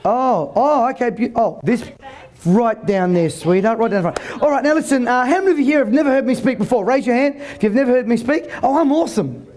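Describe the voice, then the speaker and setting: High-voiced brash man on stage. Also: animated, a little fast, a little mellow. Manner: brash, joking, stammering restarts, commands the crowd. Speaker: motivational speaker. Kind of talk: live seminar address to a crowd. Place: event hall with live audience.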